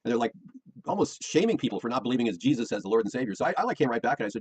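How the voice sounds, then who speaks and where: A man's voice: mid-range voice, very animated, racing, a little mellow, slight background noise, low-quality recording. A middle-aged American man, rambling and defensive, repeating himself as he complains about his personal life. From United States.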